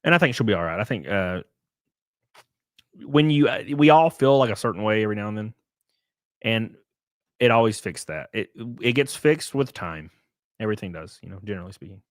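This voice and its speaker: A man's voice: lowish voice, expressive, fairly quick, long pauses, dry recording, clean studio sound. A man chatting casually on a live stream, rambling, laughing and reading out chat messages. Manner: rambling, reads chat aloud, laughs often.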